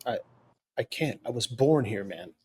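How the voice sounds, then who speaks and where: A man voicing a reluctant young American man in a comedy script table read, mumbling low and then shouting. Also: expressive, measured pace, slightly rough.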